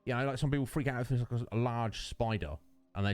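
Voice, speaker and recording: A British streamer rattles along quickly at a medium pitch, joking with chat and replying to people by name as he plays. The clip comes from his home setup on a studio dynamic mic, with faint music in the background.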